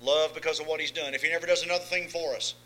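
A man preaching a sermon, swinging between soft asides and loud emphatic lines, often asking the congregation if they follow. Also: fairly high pitch, fairly even intonation, rapid-fire, low-quality recording. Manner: folksy, asks listeners if they follow.

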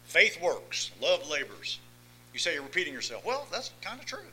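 A man preaching a sermon, swinging between soft asides and loud emphatic lines, often asking the congregation if they follow. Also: a little high, sing-song, moderate pace, a little hiss or hum, poor audio. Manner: folksy, asks listeners if they follow.

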